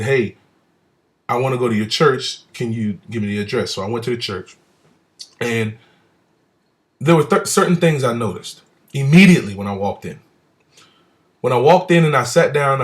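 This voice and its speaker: A man telling a personal story about a church visit at home, acting out the people he quotes with big swings between loud and soft. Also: mid-range voice. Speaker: speaker recounting a church visit. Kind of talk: animated personal testimony.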